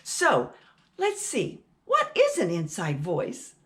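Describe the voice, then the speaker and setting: Animated woman reading to kids. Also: mid-range voice, slow. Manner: animated, rhyming read-aloud with questions to kids. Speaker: children's storytime host. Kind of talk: reading a picture book aloud to children.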